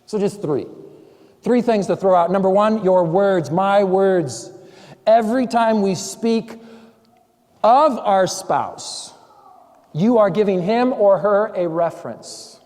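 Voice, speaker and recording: Pastor preaching in a reverberant church. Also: male voice, high-pitched, slow, darkish tone. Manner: conversational preaching with acted-out quotes. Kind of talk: sermon. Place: church sanctuary. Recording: long church hall reverb.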